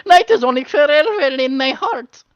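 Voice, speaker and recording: Shrieking panicky goblin war boss. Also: male voice, very high voice, lively intonation, moderate pace, no echo, dull audio, voice pushed up. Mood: frantic. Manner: screeching, frantic whining protests.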